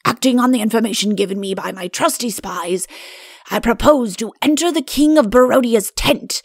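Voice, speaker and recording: A woman's voice: on the high side, normal speed, husky, no echo, clean studio sound. A woman voicing a vain, good-natured male king in a storybook reading. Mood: self-important.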